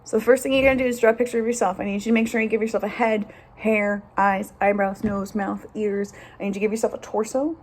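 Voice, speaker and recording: A woman teacher reading a picture book aloud to young students, animated and instructive, then giving them a drawing task. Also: mid-range voice, fast, few pauses, rough recording.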